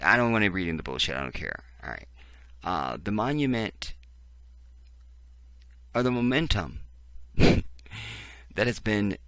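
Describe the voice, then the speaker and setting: A man's voice: low-pitched, bright, forceful tone, no echo, studio quality. A man hosting a profane, sarcastic political commentary, reading text aloud and breaking in with heated reactions. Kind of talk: ranting video commentary.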